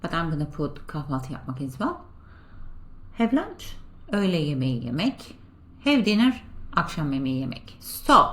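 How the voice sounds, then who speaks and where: Patient woman teaching a beginner language class. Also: lowish voice. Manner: patient, explains step by step with frequent "so" and "right?"; slows down to model foreign phrases.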